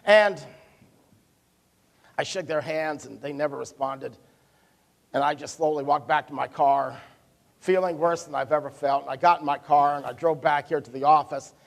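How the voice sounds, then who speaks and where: A man's voice: on the high side, moderate pace, vocal fry, pauses often. A man with a Midwestern American accent, a pastor preaching a sermon and telling a personal story in a folksy, self-deprecating way. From United States. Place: church service.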